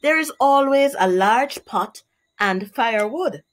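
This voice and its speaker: A woman reading aloud plays a sly male spider trickster, pitched high and bossy in a storybook tale. He barks orders and threatens in a lively, swooping voice. The lines come slowly, each one stretched out. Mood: sly coaxing. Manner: bossy, threatening, raised higher voice.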